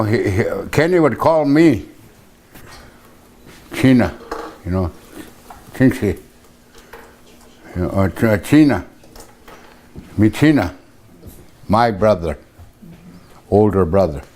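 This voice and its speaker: An older man teaching words of his language in a casual, hesitant way, repeating terms slowly with many pauses. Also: on the low side, animated, darkish tone, slight background noise. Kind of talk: teaching vocabulary, casual and halting.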